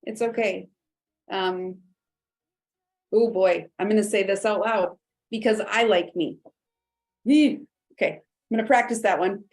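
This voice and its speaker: A woman's voice: medium pitch, a little slow, long pauses. A woman taking part in a video call, speaking hesitantly and self-consciously. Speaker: participant.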